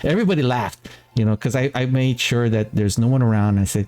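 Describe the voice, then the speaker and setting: A man from the Philippines hosting a casual talk stream, rambling in an animated way and laughing often. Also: medium pitch, fast, faint music behind. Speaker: talk show host. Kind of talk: casual chat.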